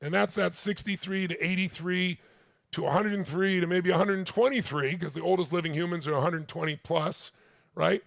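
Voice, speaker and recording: A man's voice: high voice, moderate pace, vocal fry, dry recording, studio quality. A man in his sixties giving a motivational seminar talk, telling stories intensely and speaking straight to his audience. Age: 60s. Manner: intense storytelling, addresses the audience directly. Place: large stage with live audience.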